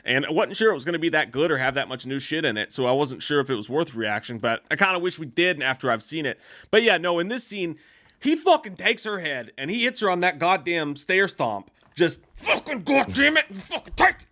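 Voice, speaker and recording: A young man chatting on a podcast, his voice bright and cutting through. He swears freely and laughs a lot, with a lively rise and fall in pitch. The sound is dry and close, with no room around it. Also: a little fast, no echo. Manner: profane, laughing often, animated. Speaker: co-host. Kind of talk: casual podcast chat reacting to a trailer.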